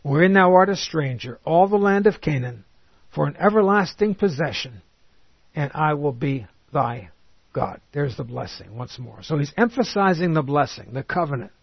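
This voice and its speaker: A man giving a Bible teaching sermon, reading scripture slowly and emphatically and then explaining it in plain words. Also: fairly high pitch, animated, vocal fry, slightly rough, no room sound, dull audio. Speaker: preacher.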